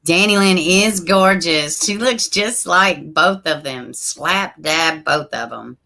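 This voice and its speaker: A woman hosting a casual livestream, chatting straight to her viewers and reading their comments aloud, with soft asides under her breath. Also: fairly low pitch, slow pace, vocal fry. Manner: frequent soft asides while fiddling with links. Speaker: livestream host.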